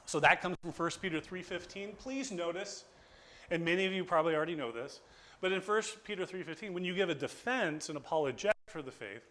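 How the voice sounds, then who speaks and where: Man, bright-voiced philosophy lecturer, animated and chatty with a small group, acts out both sides of a story. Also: high voice, brisk. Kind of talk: informal classroom lecture. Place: small group gathering indoors.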